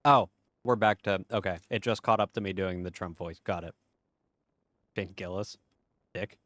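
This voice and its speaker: A man's voice: sits low, normal speed, a bit bright, no room sound. A man streaming a game, chatting casually and reading chat aloud in a laid-back, profane way.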